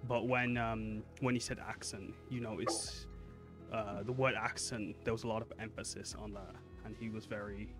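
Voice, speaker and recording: A man's voice: lowish voice, flat delivery, moderate pace, music in the background. A man running a tabletop game as game master, who explains at length with many "like"s and laughs easily.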